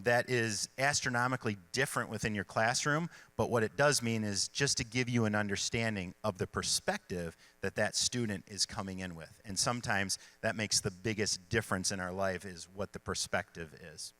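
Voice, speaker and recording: A middle-aged man, a school superintendent, speaking to staff at an event in a relaxed storytelling way with fillers. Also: lowish voice, normal speed, no room sound. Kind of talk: speech to staff at a kickoff event.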